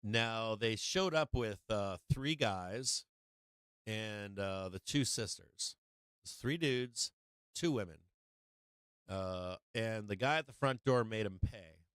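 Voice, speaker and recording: Low, smooth-voiced man telling a rambling story. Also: slow, a bit bright, no room sound. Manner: rambling with many fillers, profanity and laughter. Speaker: host of a stock market live stream. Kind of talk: casual storytelling anecdote.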